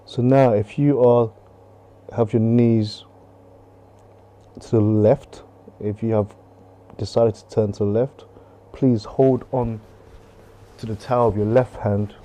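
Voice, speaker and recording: A man leading a qigong class, calmly coaching breathing and movement with gentle repetition, on a close mic while he moves. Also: mid-range voice, takes it slowly, pauses often. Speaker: qigong instructor. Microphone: close clip-on mic while moving.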